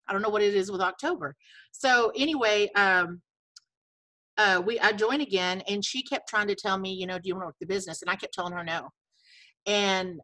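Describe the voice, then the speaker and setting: A woman's voice: mid-range voice, pushed and bright, dry recording, rough recording. A middle-aged woman telling a long personal story in casual chat over a video call, full of fillers and acted-out dialogue. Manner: chatty storyteller, many fillers and quoted dialogue. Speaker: network marketing distributor sharing her story.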